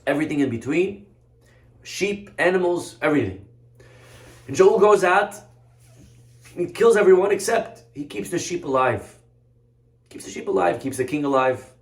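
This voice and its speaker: Man giving an animated sermon in an echoey room. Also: mid-range voice. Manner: animated, conversational, vivid storytelling. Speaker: rabbi. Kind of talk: sermon storytelling.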